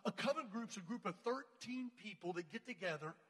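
A man speaking to a youth group, telling a story in an excitable, slangy way with frequent laughs, in a large church hall. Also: high voice, a little fast. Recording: long reverb in a large hall.

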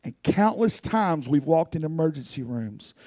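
A man's voice: a little high, very animated, normal speed, mellow, dry recording, clean studio sound. A man preaching a sermon as pastor, telling personal stories earnestly and rising into fervent pleading.

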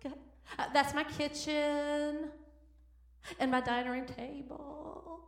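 Bubbly woman, high voice, church speaker in an echoey hall. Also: fairly even intonation, slow pace, creaky. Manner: bubbly, enthusiastic, laughing asides. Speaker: pastor's wife and guest speaker. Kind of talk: sermon talk. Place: church sanctuary.

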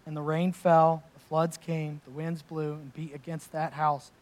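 A man's voice: a little high, level tone, measured pace. A man preaching a sermon, reading scripture and then explaining it in an emphatic, conversational way with casual asides. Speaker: pastor.

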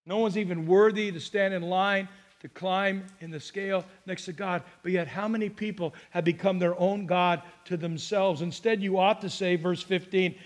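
A man's voice: sits high, steady tone, moderate pace. A man from Southern California preaching as a pastor, earnest and emphatic, acting out quotes as he goes. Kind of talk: sermon.

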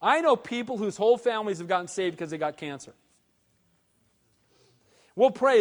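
Man preaching, high voice, casual animated delivery, long hall reverb. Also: normal speed, pauses often. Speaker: pastor. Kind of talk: sermon.

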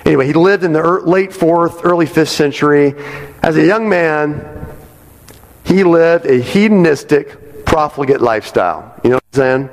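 In a church sanctuary, a pastor with a somewhat high voice preaches to his congregation at a moderate pace. He keeps it conversational, often checking in with "right?", and the large hall gives his voice a long reverb.

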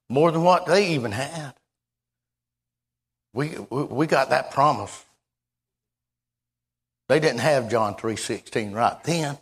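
A preacher delivers a folksy sermon in a mid-range male voice. He stumbles and repeats himself, then rises into sudden loud, emphatic bursts. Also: mid-range voice, husky.

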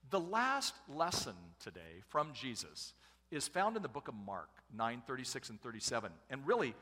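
A middle-aged man preaches to a congregation in a relaxed, joking, conversational way. His voice rises and falls a great deal, and his tone is bright and forceful. A long reverb from a large church hall trails behind each phrase. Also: mid-range voice. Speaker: pastor and family speaker. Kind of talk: sermon.

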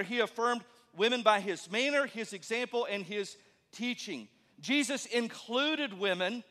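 A man preaching a sermon as a pastor, animated, acting out the voices of the people he quotes. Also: very high voice, big-room sound.

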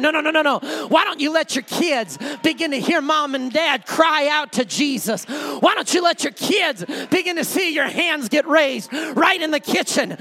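A man, a pastor, preaching a fervent sermon and often shouting. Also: very high-pitched, big pitch swings, normal speed, vocal fry.

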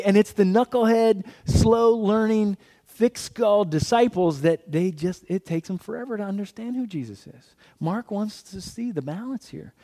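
A man preaches as a guest pastor, with a voice that sits a little high and a mellow, dark tone. He asks the congregation questions and answers them himself, and drops jokes in passing. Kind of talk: sermon.

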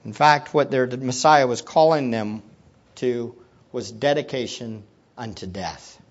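A preacher giving a sermon, swinging from hushed low teaching to loud excited exclamations and putting questions to the listeners. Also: unhurried, lo-fi sound. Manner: asks the audience questions.

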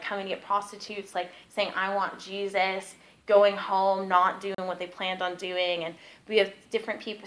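A woman's voice: medium pitch, poor audio. A young woman giving a casual ministry teaching, telling stories in a chatty way full of "like". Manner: chatty, peppered with "like", lively storytelling.

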